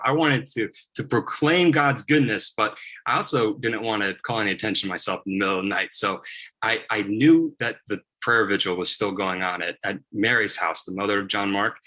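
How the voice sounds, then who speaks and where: Low bright-voiced male preacher storytelling. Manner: casual storytelling with many fillers. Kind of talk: first-person narrative sermon.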